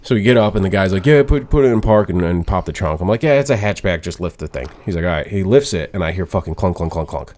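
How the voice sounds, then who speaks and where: A man's voice: low voice, lively intonation, quick pace, few pauses, a little mellow. A man, hosting a podcast and telling a story in casual, profane chat, acting out quotes with big jumps in his voice. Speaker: podcast host.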